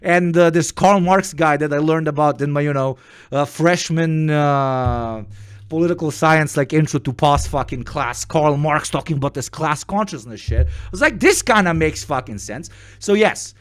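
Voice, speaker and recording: Man, stream host, high-pitched, swears freely and tells stories with energy. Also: normal speed, clear, resonant tone. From Eastern Europe. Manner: profane, animated storytelling. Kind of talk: casual chat.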